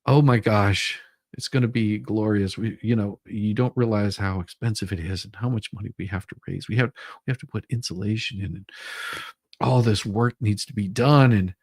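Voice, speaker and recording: A man mocking a fundraiser pleading for donations in a hushed, wheedling voice. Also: on the low side, fairly even intonation, normal speed, dry recording, studio quality.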